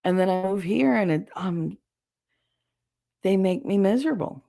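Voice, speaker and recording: Woman, hoarse, raspy fry in the voice, casual blunt talk, swears. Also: medium pitch, animated, measured pace. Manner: blunt, warm-spoken, swears freely. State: hoarse, raw throat. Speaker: show host reading viewer comments. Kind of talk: casual solo livestream chat.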